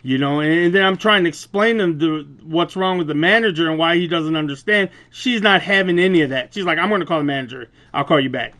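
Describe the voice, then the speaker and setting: Loud, booming man telling a rant. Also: fast talker, few pauses. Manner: animated, profane, laughs through the retelling. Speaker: vlogger. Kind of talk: casual storytelling rant.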